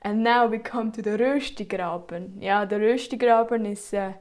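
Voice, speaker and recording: A woman's voice: medium pitch, moderate pace. A young woman with a Swiss German accent giving an informal presentation in English, hesitant, with frequent ums and self-corrections. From Switzerland.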